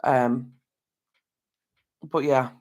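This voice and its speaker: Here the Irish host speaks extremely slowly, his mid-range voice steady and somewhat dark. Worn out and yawning at home, he rambles chattily to his live stream viewers over an external mic.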